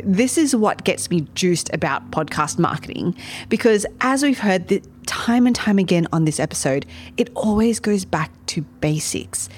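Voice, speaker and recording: A woman's voice: mid-range voice, a little hiss or hum. A woman hosting a podcast, talking playfully and directly to the listener between clips. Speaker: podcast host. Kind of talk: scripted commentary.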